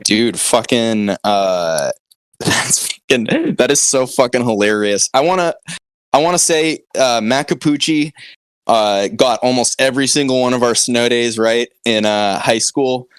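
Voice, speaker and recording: A man's voice: unhurried, clean tone, no echo. A young man co-hosting a podcast, swearing constantly and launching into mock-angry rants at his listeners. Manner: profane, mock-angry rants with big pitch swings. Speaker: podcast co-host. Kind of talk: crude comedic podcast banter.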